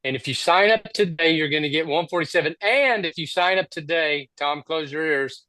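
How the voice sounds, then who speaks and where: A man co-hosting a training webinar over a video call, giving a punchy, repetitive sales pitch. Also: lively intonation, brisk, bright, forceful tone, no room sound, low-quality recording.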